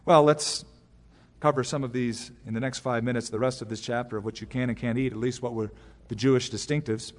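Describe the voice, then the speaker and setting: A man's voice: mid-range voice, fairly even intonation, brisk, long reverb tail. A male pastor giving a conversational verse-by-verse Bible teaching, mixing in personal stories, from a church pulpit. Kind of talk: expository sermon. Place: large church sanctuary.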